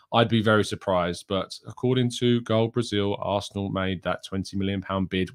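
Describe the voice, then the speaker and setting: A man's voice: on the low side, a bit bright. Man hosting a football show. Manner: conversational, with frequent ums and restarts. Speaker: host of a football news show. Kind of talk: live news roundup and chat.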